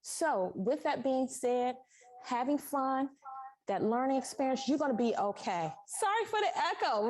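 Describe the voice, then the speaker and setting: A woman's voice: high voice, big pitch swings, normal speed. A woman sewing instructor welcoming a live class in an echoey sewing studio, emotional and thankful, a little congested from sinus trouble. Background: construction noise next door.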